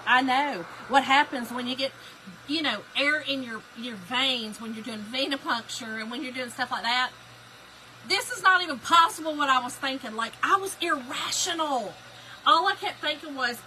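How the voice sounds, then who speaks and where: A woman chats on her livestream with a vivid, very bright voice that sits a bit higher than most. She tells her story in an animated way, addresses viewers directly, and often laughs partway through. A faint noise sits under her voice. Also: normal speed. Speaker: livestream host. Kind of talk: casual livestream chat.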